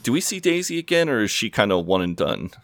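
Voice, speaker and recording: Very deep-voiced man, dry sound. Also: very animated, fast talker, fairly bright tone, dry recording. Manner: loose and swearing, with lots of fillers. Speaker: podcast co-host. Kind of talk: casual chat recapping a TV episode.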